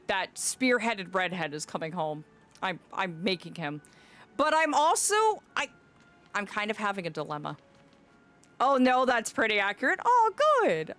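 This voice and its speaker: Female streamer, very expressive pitch, chatty and playful, soft game music underneath. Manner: animated, rambling, playful. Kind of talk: casual gameplay commentary.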